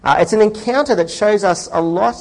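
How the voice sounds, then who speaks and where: A man preaching a sermon in a relaxed, conversational way, leading a prayer and explaining a Bible passage. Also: high voice, fairly quick, low-quality recording. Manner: conversational, frequent fillers and restarts.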